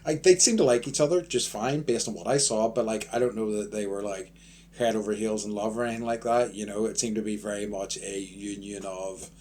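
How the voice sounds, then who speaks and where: A man's voice: lowish voice, fairly even intonation, brisk, a little mellow, slight background noise. A man chatting on a podcast as co-host, rambling with lots of fillers and restarts. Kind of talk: casual chat.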